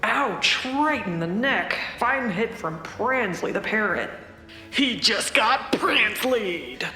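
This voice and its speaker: A woman's voice: a little high, expressive, takes it slowly, pushed and bright, faint music behind, exaggerated voice. A woman voicing a brash, punny bout announcer in a tabletop game, giving sports-style commentary. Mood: hyped. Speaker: fight commentator. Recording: roomy echo with long reverb.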